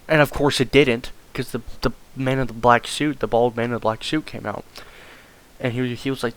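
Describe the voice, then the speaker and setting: A man's voice: mid-range voice, steady tone, normal speed, a bit bright. A man telling a rambling comedic story, stammering and repeating words and swearing often.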